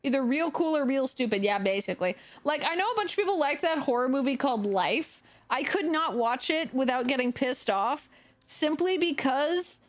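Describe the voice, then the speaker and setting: A woman streaming live, chatting casually with viewers while she plays, animated, laughing a lot and swearing freely. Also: high voice. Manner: answers viewer chat while playing.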